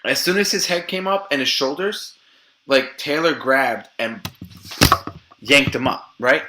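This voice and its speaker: A man telling a story as a guest in a casual podcast chat, animated and profane, acting out what others said. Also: mid-range voice, measured pace, heavy background noise.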